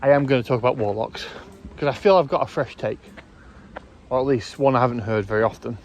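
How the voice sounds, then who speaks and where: Male vlogger, medium voice, hesitant and self-correcting, chatting casually outdoors with soft background ambience. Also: medium pitch, fast, highs cut off, a little hiss or hum. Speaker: YouTube host. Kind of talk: casual rambling commentary.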